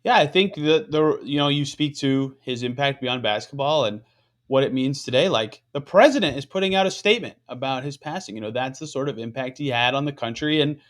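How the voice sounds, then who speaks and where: A man's voice: mid-range voice, expressive, fairly quick. A man hosting a sports podcast, talking conversationally with frequent fillers. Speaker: podcast host. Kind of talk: casual sports podcast discussion.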